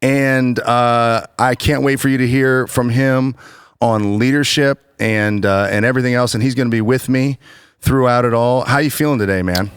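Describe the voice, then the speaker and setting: A man hosting a church podcast in casual chat, animated and chatty with frequent restarts. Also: mid-range voice, normal speed, smooth, no echo. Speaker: podcast host.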